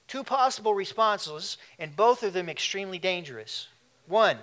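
A man's voice: sits high, very animated, moderate pace, bright, forceful tone. A man preaching a sermon in a conversational way, with asides and questions to the congregation. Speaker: pastor.

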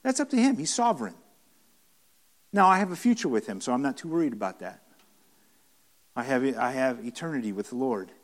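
A man's voice: mid-range voice, very animated, a little fast, pauses often. A man preaching a conversational Bible-study sermon to a room of listeners, earnest and emphatic, often restarting and repeating phrases. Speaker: pastor teaching a Bible study.

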